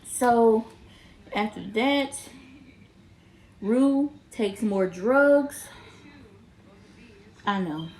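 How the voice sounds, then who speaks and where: A young woman giving a casual recap of a TV episode, animated and often laughing as she acts out the characters' lines. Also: fairly high pitch, very slow, pauses often, poor audio. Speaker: TV episode reviewer.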